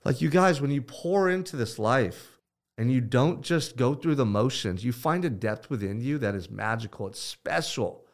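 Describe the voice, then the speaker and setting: A man's voice: expressive, normal speed. Intense, emphatic male motivational speaker. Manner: intense and emphatic, swinging from loud pushes to low hushed stretches; blunt, with swearing. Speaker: podcast host. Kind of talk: motivational pep talk.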